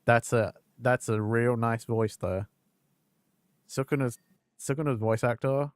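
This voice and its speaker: A male streamer chats loosely over his gameplay, blunt and self-mocking, with plenty of casual swearing. His voice sits at an ordinary middle pitch. The sound is close and dry, with no room around it. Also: fairly even intonation, measured pace, clear, resonant tone, no room sound. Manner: candid, swears freely, laughs at himself.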